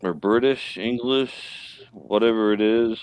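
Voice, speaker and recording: A man's voice: fairly low pitch, slow pace, darkish tone, a little hiss or hum. A man chatting casually on a live stream, hesitant and searching for his words. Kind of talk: casual chat.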